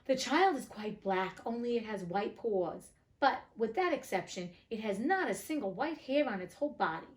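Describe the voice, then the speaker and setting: A woman's voice: fairly high pitch, lively intonation, moderate pace, few pauses, natural voice. A woman voicing a sly, scheming female cat in a storybook reading, cool and offhand. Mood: coaxing.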